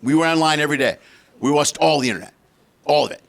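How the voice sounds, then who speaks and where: A middle-aged man doing a stand-up comedy set, telling stories with animated delivery and shouting the punchlines. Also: on the high side, fast, vocal fry. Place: live comedy stage. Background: audience laughter.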